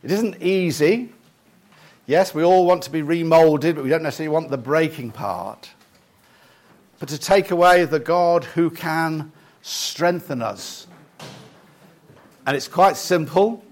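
Older male preacher, somewhat high-pitched, reflective sermon delivery with frequent restarts. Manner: reflective, halting with many restarts; leads the congregation through lists in a soft slow voice.

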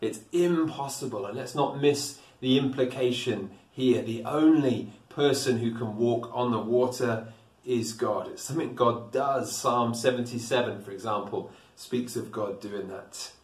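Earnest preacher in an echoey church. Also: male voice, mid-range voice, a little slow. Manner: earnest, explanatory, reflective. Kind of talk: sermon. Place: church building. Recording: echoey church, distant mic.

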